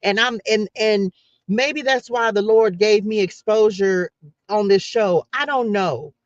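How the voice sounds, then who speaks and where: A woman's voice: medium pitch, a little slow, dry recording. A middle-aged woman talks to her live-stream audience in an emphatic, preacher-like way, repeating phrases and calling out to y'all. The sound is dry and close, with a slightly dull, lo-fi tone. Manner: emphatic, repetitive, preacher-like, addresses viewers as y'all. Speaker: faith livestreamer. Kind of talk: casual live-stream talk to viewers.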